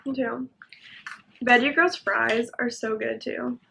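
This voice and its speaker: A young woman hosting a casual mukbang chat at home, talking while she eats, chatty and quick to giggle. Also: fairly high pitch, fairly even intonation, gravelly, bright, forceful tone, a little hiss or hum. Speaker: vlogger host. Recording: dull lo-fi sound.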